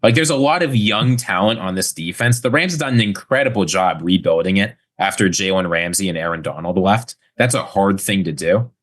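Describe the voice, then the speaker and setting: A man in his twenties co-hosting a sports podcast, laying out steady, analytical points. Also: low-pitched. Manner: steady, analytical, makes points in quick lists. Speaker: podcast co-host.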